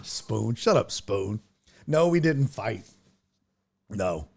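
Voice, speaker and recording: A man hosting a podcast, telling a story in casual chat, swearing freely and building to loud rants. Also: fairly low pitch, slow pace, vocal fry, slight background noise. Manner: profane, animated, rising to loud rants. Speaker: podcast host.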